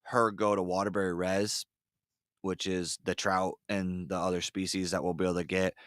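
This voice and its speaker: A man with a very low voice hosts a relaxed podcast. He rambles through stories with plenty of fillers and gets excited as he retells them. The sound is dry and close. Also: moderate pace, no room sound. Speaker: podcast host. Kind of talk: casual chat. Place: ice fishing shanty.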